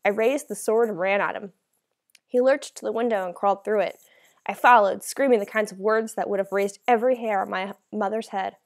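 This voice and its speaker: A woman's voice: mid-range voice, a little fast. A woman narrating a first-person novel as an audiobook, reading in a dramatic, emotional way.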